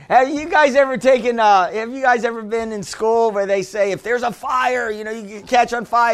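A man with a strikingly high-pitched voice delivers a sermon. He preaches in a lively, joking way, laughing often and restarting his phrases. He keeps checking in with the congregation, asking "Amen?" and "Are you hearing what I'm saying?". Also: a little slow.

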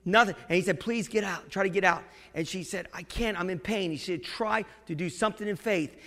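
Male preacher, very high voice, gravelly, shouted exhortation, long church reverb. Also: a little fast. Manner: swings from low storytelling to shouted exhortation. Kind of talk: sermon.

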